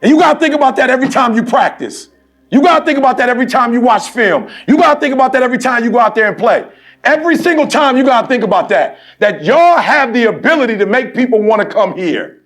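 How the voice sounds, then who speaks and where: A man giving a motivational speech to a sports team, preachy and punchy with lots of repetition, swinging from quiet storytelling to shouting. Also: very high-pitched, animated, quick pace, soft background music. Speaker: motivational speaker.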